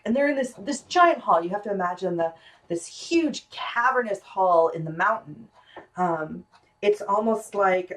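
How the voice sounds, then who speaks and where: A woman's voice: on the low side, far from the mic, low-quality recording. A woman giving a casual music lesson, chatty and full of ums and restarts, with playful asides and piano playing between her words. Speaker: music teacher.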